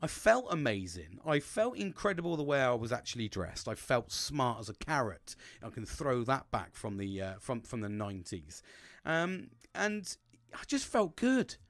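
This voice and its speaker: A man's voice: moderate pace, few pauses, no echo. A middle-aged man hosting a podcast, rambling and swearing in a casual monologue. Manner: rambling, swears a lot, animated swings in pitch. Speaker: podcast host.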